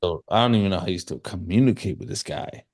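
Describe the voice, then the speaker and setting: A man's voice: low voice, fast, darkish tone. A man co-hosting a casual podcast, joking and teasing his co-host.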